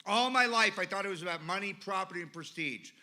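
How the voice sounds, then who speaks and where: A man's voice: high voice, fast, sharp tone. A man giving a personal recovery talk at a meeting, telling stories emphatically with repeated lists. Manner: emphatic storytelling with lists and repetition.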